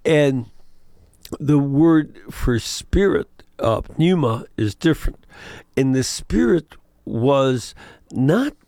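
A man who is a priest hosting a call-in radio show, speaking in a slow, thoughtful way with frequent pauses and fillers. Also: medium pitch, animated, a little mellow, no room sound.

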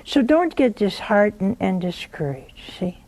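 An older woman giving gentle pastoral advice, often pausing to ask "see?". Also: mid-range voice, very animated. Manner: gentle, unhurried, peppered with "see?". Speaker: religious advisor answering a viewer.

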